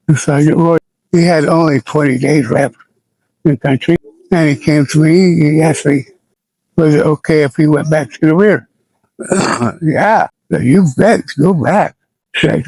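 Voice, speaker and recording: An American man in his seventies, an army veteran recalling his service in a plainspoken, halting and somber way for an interview. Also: on the high side, a little mellow, dry recording, poor audio. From United States. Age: 70s. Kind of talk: oral history recollection.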